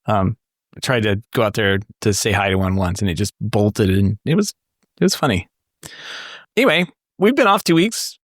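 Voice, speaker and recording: A man's voice: lowish voice, expressive, normal speed, no room sound. Casual podcast guy hosting, jokey and self-mocking, dry sound. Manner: wry, self-mocking, with many restarts. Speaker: podcast host. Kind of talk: casual chat.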